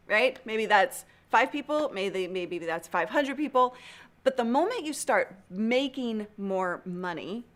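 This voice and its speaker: A woman hosting a live stream in a casual chat, earnest and encouraging, laughing often. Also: mid-range voice.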